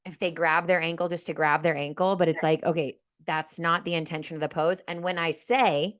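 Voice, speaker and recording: A woman who teaches yoga, co-hosting a podcast in relaxed, conversational chat. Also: low voice, a little fast. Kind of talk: casual chat.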